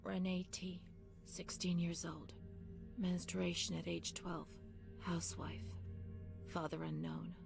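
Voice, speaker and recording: A woman voicing a haunted game narrator who reads old asylum records in a hushed voice that often drops to a whisper. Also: lowish voice, flat delivery, slow, vocal fry, over music, exaggerated voice. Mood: hushed uneasy. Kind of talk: scripted narration. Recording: game audio with noisy ambience.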